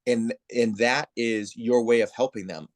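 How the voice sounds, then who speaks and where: Animated storytelling man, volleyball official. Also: medium pitch, unhurried. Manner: animated storyteller, acts out quoted voices. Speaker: head of volleyball officials, guest. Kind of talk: casual interview chat.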